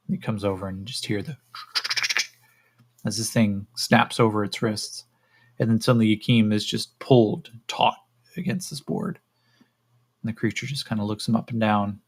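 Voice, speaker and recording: A man narrating a solo tabletop game in a relaxed storytelling way, with fillers and asides. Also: lowish voice, moderate pace, long pauses, slightly rough. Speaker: game master and solo player.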